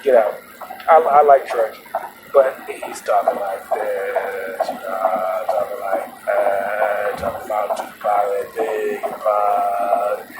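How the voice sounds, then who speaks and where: A chatty man rambles through a casual monologue from inside a moving car, chuckling now and then and circling back on his thoughts. His voice sits at an ordinary middle pitch. Steady road noise hums clearly underneath. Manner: chatty, laughs often, many restarts. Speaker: podcast host. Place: moving vehicle.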